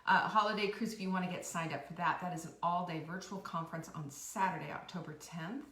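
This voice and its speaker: A woman's voice: fairly low pitch, fairly even intonation, fast talker, pushed and bright. A middle-aged woman, hosting a casual live-stream chat and reacting to viewer comments in a chatty, bubbly way. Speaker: host. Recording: echoey room, a bit far from the mic.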